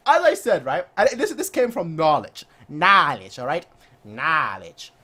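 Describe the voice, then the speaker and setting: A young man talks excitedly as a fan channel host, boasting and hammering the same phrases again and again. His voice sits high and leaps all over the place as he chats. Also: normal speed. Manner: animated, boastful, repeats phrases, acts out players' voices. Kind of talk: excited post-match fan chat.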